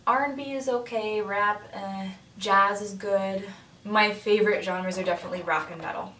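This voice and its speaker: A young makeup artist vlogger chats casually to camera, friendly and talkative, laughing often. Her ordinary-pitched, slightly bright voice is fairly even and moderately paced, recorded far from the mic in a noticeably echoey room with faint hiss beneath.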